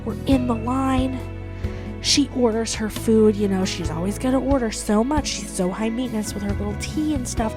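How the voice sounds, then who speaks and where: A woman's voice: a little high, normal speed, over music, lightly acted. A woman doing a comic impression of a boastful middle-aged male preacher, preaching with a pompous sermon cadence. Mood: preachy, boastful. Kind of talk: comedic pastor impression.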